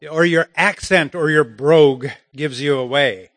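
Slow, halting male preacher. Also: fairly high pitch, a bit bright, no echo. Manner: halting, many fillers. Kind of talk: sermon.

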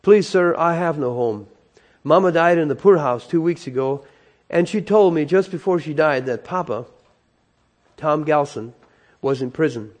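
Male preacher doing a small, tearful girl pleading, voice lifted high. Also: normal speed, a little mellow, natural voice. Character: poor pleading little girl.

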